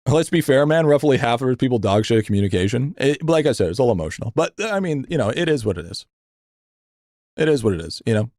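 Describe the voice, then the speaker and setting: Young male game streamer, mid-pitched, dry close sound; swears a lot, rambles with restarts, gets loud and high when venting. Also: quick pace, no echo. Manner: profane, rambling, repeats himself with stammered restarts; animated, voice jumps higher when venting. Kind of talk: casual live-stream rant, reading chat.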